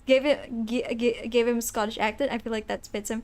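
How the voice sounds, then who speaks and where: A woman streaming a game, reading its text aloud and chatting excitedly with her chat. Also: on the high side, normal speed. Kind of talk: live game commentary.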